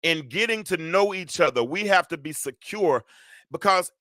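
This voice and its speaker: Bright, preachy man hosting a solo talk. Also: sits high, expressive, moderate pace, no echo, studio quality. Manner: preachy, joking, asks the audience for amens. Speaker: host. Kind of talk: live-streamed solo talk show.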